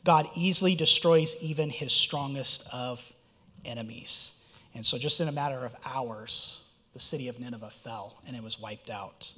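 A man preaching an expository sermon in a conversational, animated way, his voice swinging from loud mock challenges to quiet low remarks. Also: normal speed. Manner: animated, conversational, mocking voice for quoted prophecy. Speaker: pastor. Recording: dull sound with long hall reverb.

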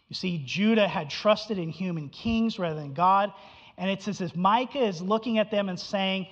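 A man's voice: high voice, moderate pace, in a large hall, lo-fi sound. A man preaching an expository sermon, emphatic, repeating phrases and asking his listeners questions.

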